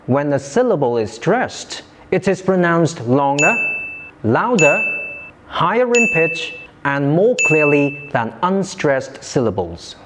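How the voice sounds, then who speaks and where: A man teaching English pronunciation in a scripted lesson, enunciating slowly and carefully and modelling words for listeners to repeat. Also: on the high side, very animated, heavy background noise.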